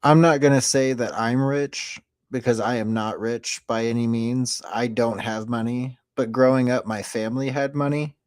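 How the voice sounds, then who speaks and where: A man's voice: mid-range voice, steady tone, normal speed, hardly any pauses, darkish tone, dry recording. Chat-show host, a man with a mid-range voice, needling and insistent, dry close audio. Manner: pushy, teasing, demanding answers. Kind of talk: casual online chat show.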